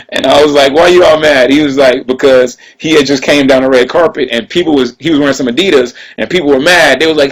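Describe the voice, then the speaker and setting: A man's voice: mid-range voice, brisk, breathy edge, rough recording. A man, casually telling a personal story, loose and conversational, often tossing in "you know what I'm saying.".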